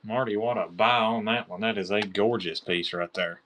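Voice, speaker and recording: A man with a Kentucky accent selling knives on a live-stream auction, chatty and excited, calling out bidders by name. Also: fairly low pitch, moderate pace, slight background noise.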